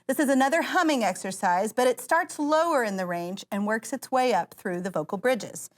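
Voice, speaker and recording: A woman's voice: fairly high pitch, lively intonation, moderate pace. A woman vocal coach, giving an encouraging voice lesson and guiding singers through exercises. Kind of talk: voice lesson instruction. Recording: loud piano music behind the voice. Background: piano.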